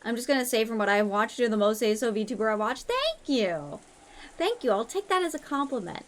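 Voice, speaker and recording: A woman's voice: fairly high pitch, fast. Foul-mouthed young woman streamer. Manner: crude, swears a lot, playful. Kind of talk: casual live-stream chat.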